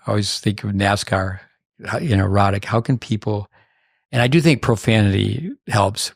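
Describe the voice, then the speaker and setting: A man hosting a podcast in loose, casual chat, with a lowish, fairly flat voice. He rambles, often restarting his sentences, and the sound is close and dry with no room echo. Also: gravelly. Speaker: podcast host.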